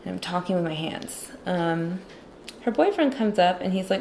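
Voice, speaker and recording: A woman's voice: fairly low pitch, lively intonation, normal speed, creaky, a little mellow, a little hiss or hum. A woman chatting casually and sarcastically about a movie while she draws, with lots of "like". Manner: sarcastic, chatty, heavy use of "like". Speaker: illustrator and movie commentator. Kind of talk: casual chat while drawing.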